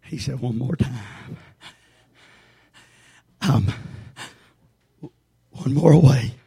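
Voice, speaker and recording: A man preaching a sermon as pastor, swinging between shouted refrains and quieter storytelling. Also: mid-range voice, expressive, extremely slow, gravelly, breathy edge. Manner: shouting, chanting preacher with sudden hushed storytelling.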